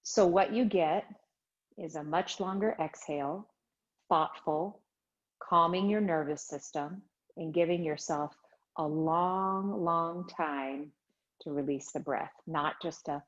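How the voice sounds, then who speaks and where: A woman guides a chair yoga class at a very unhurried pace, her voice a little low and calm. The livestream audio sounds dull and lo-fi. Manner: slow, soothing guided instructions. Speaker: yoga teacher. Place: home studio livestream.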